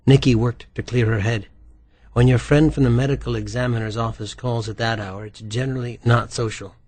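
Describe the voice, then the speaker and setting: Measured male audiobook narrator. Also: mid-range voice, fairly even intonation, darkish tone, no room sound. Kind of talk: scripted narration.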